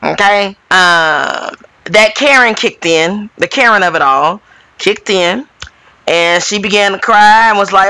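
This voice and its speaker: A reality TV recap host giving sassy, animated gossip commentary with dramatic asides. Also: mid-range voice, takes it slowly, clear, resonant tone, no echo.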